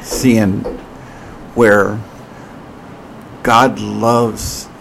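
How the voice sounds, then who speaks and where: A man co-hosting a Christian podcast as producer, affirming and supportive, with halting restarts. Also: on the low side, flat delivery, vocal fry, fairly bright tone, slight background noise, low-quality recording. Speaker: producer and co-host. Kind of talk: casual Christian podcast chat.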